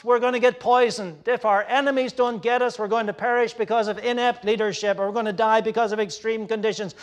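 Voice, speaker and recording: A man preaching a sermon in an earnest, halting way, with many fillers and restarts, growing louder when he voices complaints. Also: extremely high pitch. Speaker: pastor.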